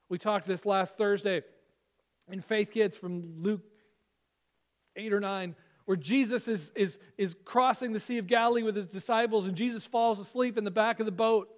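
High-voiced man preaching a sermon. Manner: earnest, repetitive emphatic preaching with slow stressed phrases. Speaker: pastor.

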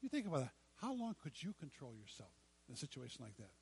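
A man preaching a sermon, telling a story dramatically with repeated lines and long pauses. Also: mid-range voice, wildly swooping pitch, creaky, a little mellow, husky. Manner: dramatic, acts out quoted lines with pauses and repetition. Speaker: pastor.

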